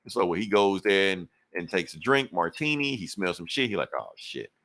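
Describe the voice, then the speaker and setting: This low-pitched man, co-hosting a podcast, walks through a comic book storyline with plenty of swearing, dipping into the characters' dialogue as he narrates. The tone is expressive and fairly bright, a little quick, and loosely conversational throughout.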